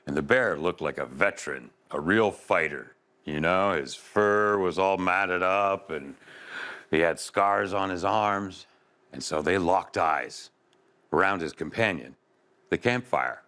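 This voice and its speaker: A man telling a story aloud to children, expressive, with sound effects and asides to his listeners. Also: deep voice, unhurried. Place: live event space.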